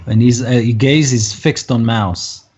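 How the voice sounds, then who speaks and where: A man narrating as game master of a tabletop game, halting with many fillers. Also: medium pitch, a little mellow, muffled recording, a little hiss or hum.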